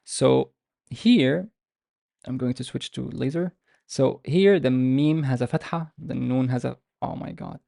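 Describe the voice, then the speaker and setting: Male language teacher on a video call, gravelly mellow voice, dry close sound, patient and explanatory, drags out example words. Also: mid-range voice, big pitch swings, no room sound. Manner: explanatory, with frequent restarts and drawn-out example words. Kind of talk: online language lesson.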